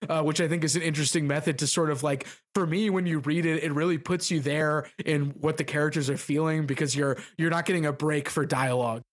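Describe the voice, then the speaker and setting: A man's voice: fairly high pitch, fairly even intonation, fast, hardly any pauses. A man co-hosting a casual book discussion podcast, reading passages aloud with stumbles and restarts. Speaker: podcast co-host.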